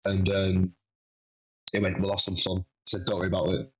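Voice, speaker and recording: A man telling a lively story in a casual interview, acting out what people said. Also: sits low, fairly quick, breathy edge, low-quality recording. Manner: animated, acts out quoted dialogue. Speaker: guest wrestler.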